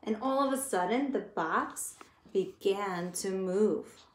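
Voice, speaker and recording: A woman teacher reading a picture book aloud in a gentle, expressive way, talking to her listeners as she goes. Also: mid-range voice, slow pace. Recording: echoey room with faint noise.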